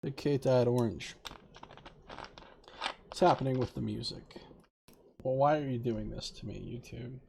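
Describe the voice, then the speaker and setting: A man's voice: medium pitch, unhurried, creaky, pauses often, a little mellow, a little hiss or hum. A man casually chatting and reading a fantasy gamebook aloud on a stream, joking and singing silly ditties. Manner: jokey, goofs around and sings silly ditties. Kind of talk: casual let's-play chat and read-aloud narration.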